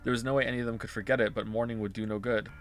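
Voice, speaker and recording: A man's voice: medium pitch, fairly even intonation, rapid-fire. A male streamer reading a visual novel's text aloud and breaking off into wry, sarcastic asides.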